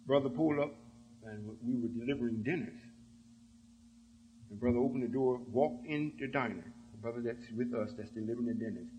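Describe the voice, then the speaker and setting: A man's voice: medium pitch, brisk, warm tone, dull audio, slight background noise. A man giving an emphatic sermon-style talk to his followers, often checking that they understand. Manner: emphatic, keeps asking "you see?". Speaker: religious speaker.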